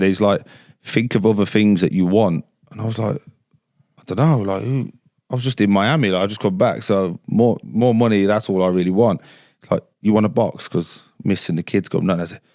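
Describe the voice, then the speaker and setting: Deep-voiced man telling a story loosely. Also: no echo, clean studio sound. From England. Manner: swears freely, acts out quotes in a hushed voice. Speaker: guest, former footballer. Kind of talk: casual storytelling. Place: basement studio.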